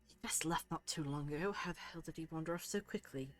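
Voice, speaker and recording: Woman doing a tired sick man, low voice, quiet murmur, tabletop game. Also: quick pace, close to an everyday voice. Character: weary, recently ill adult man.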